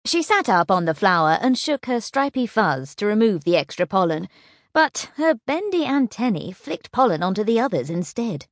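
A woman reads a children's storybook aloud with an animated, expressive lilt. Her pitch moves freely while staying in a middle range. The recording is dry and close, with no room around her. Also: normal speed, no room sound. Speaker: audiobook narrator. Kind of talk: scripted children's audiobook narration.

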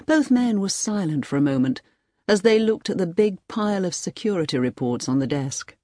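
Expressive woman reading an audiobook. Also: on the low side, normal speed, no room sound, studio quality. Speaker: narrator.

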